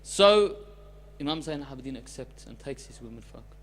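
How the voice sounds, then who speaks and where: A man preaching a sermon as a story, with loudness that swings between emphatic lines and soft, hushed ones. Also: mid-range voice, expressive, moderate pace.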